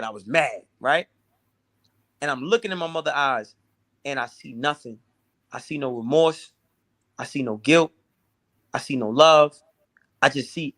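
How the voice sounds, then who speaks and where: A man's voice: medium pitch, fairly bright tone. A man telling his own hard story as an interview guest, intense, often repeating and restarting his words. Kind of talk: emotional personal storytelling.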